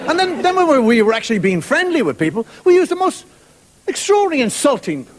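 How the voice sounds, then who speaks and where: A man's voice: extremely high pitch, big pitch swings, fast talker. A man doing a wry, conversational stand-up monologue in a television studio in front of a live audience. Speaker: comedian. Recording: 1990 TV broadcast, audience laughter.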